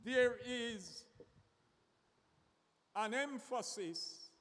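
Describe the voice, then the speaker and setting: A man preaching a sermon slowly and deliberately, often repeating words as he searches for the next one. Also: very high-pitched, fairly bright tone. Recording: long reverb of a hall.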